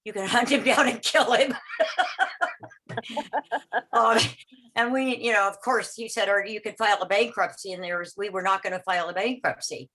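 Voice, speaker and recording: Her medium-pitched voice is steady, bright and forceful as this woman in her sixties tells a personal story to others on a video call. She rambles and halts, restarts often, repeats words, and performs the voices of people in the tale, all captured in a low-quality recording.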